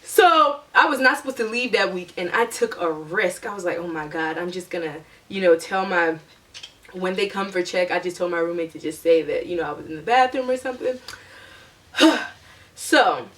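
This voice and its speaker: A young woman vlogger telling a storytime in a chatty, animated way, acting out her own past lines. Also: mid-range voice, normal speed, recorded from a distance, slight background noise. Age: young adult. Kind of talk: storytime vlog.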